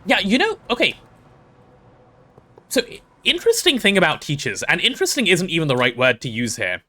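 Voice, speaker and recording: Young guy streaming a game, playful rambly chat, bouncy lively voice, bright tone. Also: high-pitched, fairly quick. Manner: rambling, playful, self-deprecating storytelling. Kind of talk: casual gaming stream chat.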